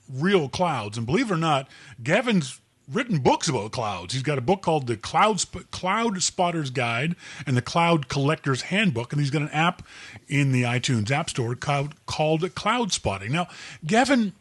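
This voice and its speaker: A man's voice: a little high, big pitch swings, moderate pace, fairly bright tone, dry recording. A Canadian man hosting a podcast, talking in a rambling, chatty way and correcting himself often. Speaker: podcast host. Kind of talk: casual podcast talk.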